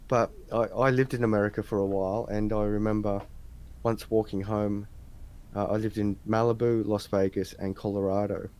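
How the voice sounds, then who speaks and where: A man's voice: on the low side, level tone, normal speed, darkish tone. An Australian man interviewing a guest, telling anecdotes in a chatty, slangy way. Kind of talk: casual chat.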